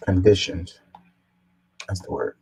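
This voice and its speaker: A man's voice: low voice, takes it slowly, creaky, a little hiss or hum, poor audio. A man hosting a casual commentary show, reading viewer comments aloud with a sarcastic edge. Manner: sarcastic, animated when mocking. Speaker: commentary host.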